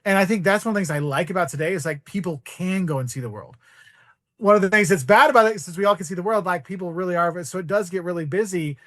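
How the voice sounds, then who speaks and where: A man, a podcast guest, telling casual travel anecdotes in an animated way, acting out the voices of the people in them and using "like" a lot. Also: sits high, quick pace. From United States. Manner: animated, acts out quoted voices, heavy use of "like".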